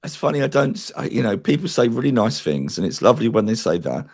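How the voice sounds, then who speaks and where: A man's voice: mid-range voice, big pitch swings, fast talker, creaky, darkish tone. A man interviewed as a spiritual medium, talking in an earnest, chatty way and telling stories. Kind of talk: interview conversation.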